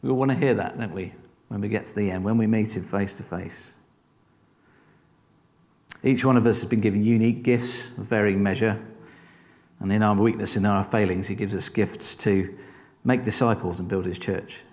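A man with a lowish voice preaches a sermon in an easy, conversational way. He keeps encouraging his listeners and asking rhetorical questions. His voice rings with the long reverb of a church hall. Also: fairly even intonation, normal speed, a little mellow.

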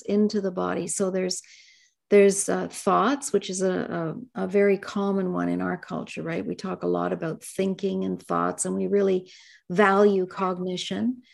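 A middle-aged woman speaks gently and reflectively as a therapist guest in an interview. Her voice has a gravelly, fry-tinged texture at an ordinary pitch. She talks in soft, thoughtful asides. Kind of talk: conversational interview.

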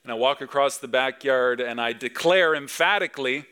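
A man in his thirties, a pastor preaching a sermon with emphatic swings between loud and soft. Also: mid-range voice, moderate pace, few pauses. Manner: acts out dad talking to his kids.

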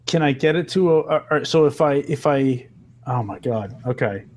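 A man's voice: medium pitch, moderate pace, a little mellow. A man playing a tabletop role-playing game, thinking aloud hesitantly about his moves. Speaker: player.

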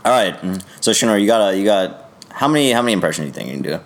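A young man hosting a casual impressions game among friends, relaxed and steering the turns. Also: fairly low pitch, racing. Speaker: game host.

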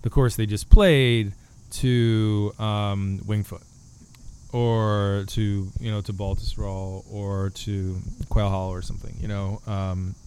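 Brief: male author guest, lowish voice, jokey and rambling, faint background hum. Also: level tone, slow, mellow. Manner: joking, rambling with restarts. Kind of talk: casual podcast chat.

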